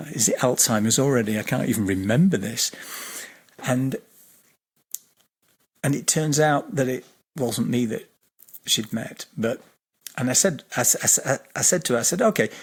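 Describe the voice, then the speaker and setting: The guest, a middle-aged man who is a geobiologist and healer, has a medium-pitched voice that sounds creaky and slightly rough. He shares a long interview anecdote, rambling and hesitating with frequent fillers and false starts.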